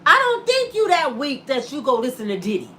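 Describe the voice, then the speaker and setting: A woman in her fifties hosting her vlog with a high, bright voice that swoops all over the place. She talks sassily and preachily, jabbing straight at her viewers. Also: a little fast, slight background noise. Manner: animated, sassy, preachy, direct to viewers. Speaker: vlogger host. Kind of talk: comedic commentary rant.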